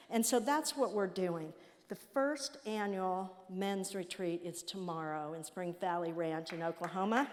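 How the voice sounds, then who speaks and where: A middle-aged woman telling stories from her work to an audience, animated and acting out the people she quotes. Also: fairly low pitch, unhurried, slight background noise. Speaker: nonprofit president speaking at a summit. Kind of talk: storytelling talk to an audience. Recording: long reverb of a hall.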